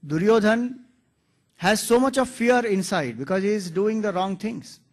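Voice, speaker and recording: A man's voice: high voice, normal speed. A man, giving an earnest spiritual discourse and quoting scripture as a teacher. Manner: earnest, explanatory, quotes scripture.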